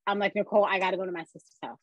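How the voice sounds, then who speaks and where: Husky woman telling her story. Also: medium pitch, racing, dry recording, low-quality recording. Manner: animated storyteller acting out quoted voices. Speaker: podcast guest. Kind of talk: personal storytelling.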